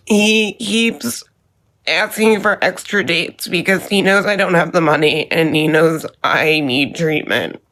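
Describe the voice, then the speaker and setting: A woman giving a personal statement, halting and pausing with many ums. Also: fairly low pitch, fairly bright tone.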